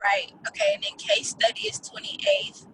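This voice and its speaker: A woman on a video call, chiming in with short questions and quick agreement while her group plans deadlines. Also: very high-pitched, a bit bright, slight background noise, poor audio. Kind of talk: casual planning call.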